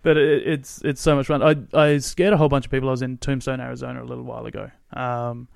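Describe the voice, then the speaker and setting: Nz-aussie guy hosting a podcast, smooth clear voice, dry close sound, laughs a lot. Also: mid-range voice, little pitch movement, fast talker, no echo. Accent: mixed New Zealand and Australian. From New Zealand, grew up in Australia. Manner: chatty, laughs often, acts out quotes. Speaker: podcast host. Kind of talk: casual chat.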